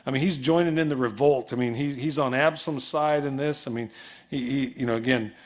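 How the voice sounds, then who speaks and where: A man preaching a sermon with a middle-pitched voice. He talks loosely and conversationally. He acts out the voices of the people he quotes. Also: brisk. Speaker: pastor.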